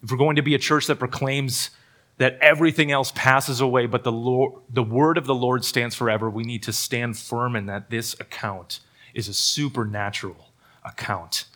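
A man's voice: mid-range voice, steady tone, moderate pace, sharp tone. Earnest preacher man with a middle voice. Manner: earnest, with self-deprecating humor and frequent word repeats. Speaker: pastor. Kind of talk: sermon. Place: church service.

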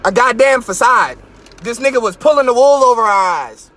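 A man hosting a live stream, ranting in a profane, mocking way from his car and sometimes breaking into shouts. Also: very high voice, animated, moderate pace. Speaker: podcast host.

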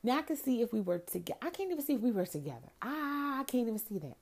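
A woman's voice: on the high side, quick pace. A woman in her forties, ranting sassily in a casual monologue about dating and texting, tired and crampy. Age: 40s. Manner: sassy, animated ranting. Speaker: vlogger.

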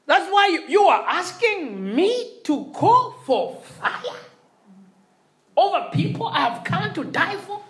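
High-voiced preacher in an echoey room. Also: male voice, big pitch swings, takes it slowly, a bit bright, far from the mic. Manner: emphatic, repeats phrases, calls for response. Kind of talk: sermon.

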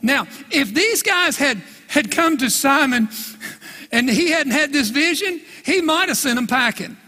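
High, bright-voiced preacher man, husky. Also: lively intonation, unhurried, long reverb tail. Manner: folksy, emphatic, repeats "listen" and "right?". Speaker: pastor. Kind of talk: sermon. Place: church sanctuary.

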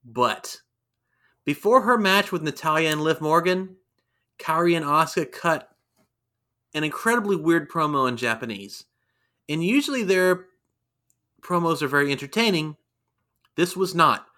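Bright-voiced man chatting about wrestling. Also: a little high, moderate pace, long pauses. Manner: animated, acts out quotes in raised voices. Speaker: podcast co-host. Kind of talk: casual wrestling review chat.

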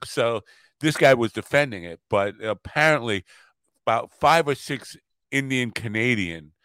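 A man's voice: medium pitch, expressive, a bit bright, smooth, no echo. A male podcast host in casual chat, curious and joking, with many fillers. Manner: curious, filler-heavy, quick to joke.

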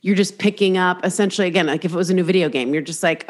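A woman's voice: medium pitch, fast talker, few pauses. A woman hosting a podcast, talking casually, swearing freely and rambling through restarts while acting out voices in her stories. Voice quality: swears freely, animated storytelling with acted-out inner voices. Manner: rambling, restarts mid-sentence. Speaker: podcast host. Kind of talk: casual chat.

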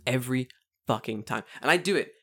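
A man's voice: medium pitch, expressive, fairly quick, sharp tone. A man co-hosting a podcast, chatting casually and telling stories with swearing and acted-out voices. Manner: swearing, storytelling with voiced impressions. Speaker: podcast co-host. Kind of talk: casual chat.

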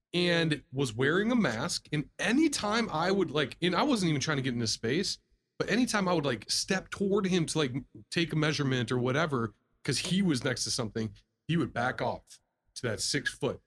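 Male co-host, somewhat high voice, lively storyteller, laughs a lot. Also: moderate pace, husky. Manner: animated storyteller, laughs often, acts out customers. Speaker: podcast co-host, salesman. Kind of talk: casual chat.

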